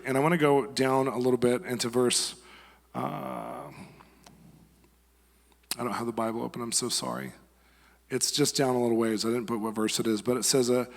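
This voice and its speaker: A man giving a conversational sermon, telling stories and acting out quotes in a lively way. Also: mid-range voice, brisk, vocal fry. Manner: conversational, animated storytelling with acted quotes. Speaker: guest preacher. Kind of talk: sermon with storytelling. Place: church sanctuary. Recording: long reverb of a church hall.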